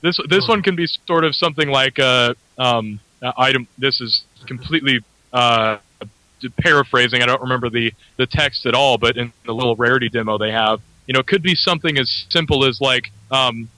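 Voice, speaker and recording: A man's voice: medium pitch, a little fast, bright, forceful tone, no echo, rough recording. A man hosting an internet radio show, rambling casually with many fillers and frequent laughs.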